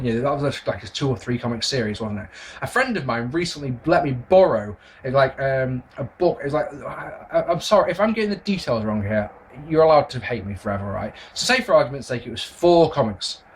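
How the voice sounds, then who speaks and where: A man's voice: on the high side, slight background noise. A man, answering viewer questions in a casual vlog, rambling, swearing and apologising for his answers. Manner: rambling, sweary, self-deprecating. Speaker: wrestling video reviewer.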